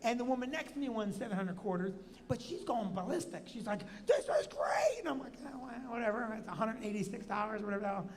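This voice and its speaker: Animated New Jersey male host, storyteller who acts out quotes; reverberant hall. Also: quick pace, background noise. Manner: animated, acts out quotes with big pitch jumps. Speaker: comedian and show host. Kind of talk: storytelling on a live show.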